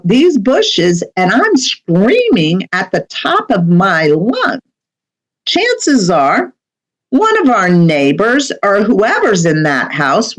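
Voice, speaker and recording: A woman's voice: mid-range voice, low-quality recording. A middle-aged woman, a medium, telling a personal story as a podcast guest in a chatty way, with many fillers and asides.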